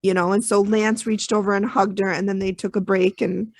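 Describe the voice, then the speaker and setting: A woman's voice: medium pitch, flat delivery, fairly quick, dry recording. A woman co-hosting a podcast, recapping a TV episode in a chatty, rambling way with many fillers. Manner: chatty storytelling with many ums and you knows. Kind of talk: casual chat.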